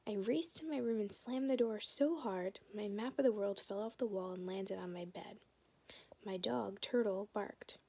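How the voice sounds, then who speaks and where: Gravelly woman reading a children's book. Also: mid-range voice, normal speed, darkish tone. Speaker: reader. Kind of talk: reading a children's novel aloud.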